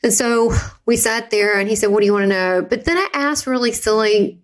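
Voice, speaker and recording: A woman's voice: fairly high pitch, brisk. A woman with a Southern US accent, a podcast guest telling a personal story in a chatty, vivid way and acting out the voices she quotes.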